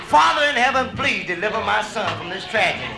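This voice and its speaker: A man's voice: sits high, lively intonation, fairly quick, vocal fry, over music. A man voicing an old reverend father who pleads with heaven in a solemn preacher tone. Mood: pleading. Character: pious worried old male reverend father. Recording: echoey live club recording.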